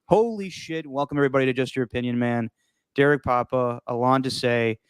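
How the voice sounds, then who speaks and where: Smooth-voiced man hosting a sports podcast. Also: mid-range voice, flat delivery, quick pace, dry recording. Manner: loose, swearing, laughs easily. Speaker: podcast host. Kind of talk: casual sports podcast chat.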